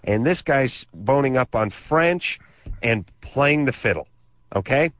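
A man's voice: medium pitch, lively intonation, takes it slowly, fairly bright tone, no room sound. A man telling comic stories on a late-night call-in radio show, sarcastic and rambling. His voice sits in a middle register and drifts into wild exaggeration and crude asides. The studio sound is dry and a little dull. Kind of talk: comedic storytelling on call-in radio. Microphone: studio microphone.

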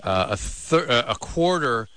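A man's voice: mid-range voice, big pitch swings, unhurried, sharp tone. A man chatting as a guest, earnest and emphatic, making his points with insistence. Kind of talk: casual banter.

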